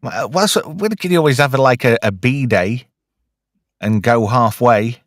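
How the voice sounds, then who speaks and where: A man's voice: medium pitch, a little slow, no room sound, studio quality. A British man hosting a film review chat, rambling and joking, often restarting his sentences. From United Kingdom. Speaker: podcast host.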